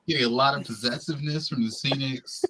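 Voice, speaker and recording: A man playing in a tabletop game, speaking as his character in a measured way. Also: medium pitch, noisy background. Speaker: player.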